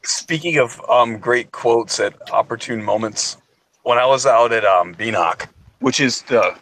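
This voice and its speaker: A man's voice: medium pitch, measured pace, a bit bright. A man who is an Army sergeant telling a wry, profane anecdote in casual chat.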